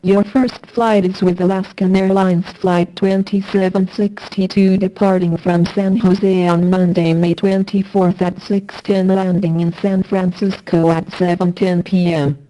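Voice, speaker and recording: Female text-to-speech voice, travel announcement, measured, even, mellow tone. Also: fairly low pitch, poor audio.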